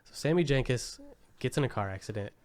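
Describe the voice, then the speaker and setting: A man in casual podcast chat, walking through a film's story scene by scene. He talks in an animated, filler-heavy way, with "like" scattered through his sentences, at a middle pitch. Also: brisk. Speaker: podcast co-host.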